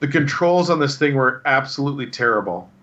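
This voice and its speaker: A man's voice: mid-range voice, expressive, a little fast, fairly bright tone, lo-fi sound. A man chatting casually as a podcast host, enthusiastic and rambling with lots of fillers. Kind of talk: casual chat.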